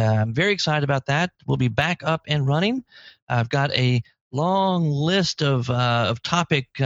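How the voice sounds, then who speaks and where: A man hosting a podcast in casual chat, lively and talkative, with sudden jumps in pitch. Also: no room sound. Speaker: podcast host. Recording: dry, slightly dull lo-fi audio.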